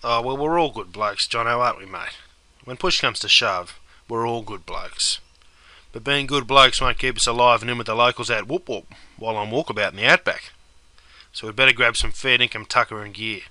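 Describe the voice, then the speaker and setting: A man's voice: mid-range voice, brisk, bright, forceful tone, no echo, low-quality recording. A young man with an Australian accent playing a laid-back mate full of slang in a comedy sketch. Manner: broad slang-laden banter. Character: laid-back Aussie bloke Bruce, slang-heavy mate.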